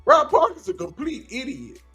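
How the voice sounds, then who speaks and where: A man's voice: extremely high pitch, wildly swooping pitch, moderate pace, bright, forceful tone, breathy edge, soft background music. A man hosting a reaction commentary video, pressing again and again with incredulous rhetorical questions.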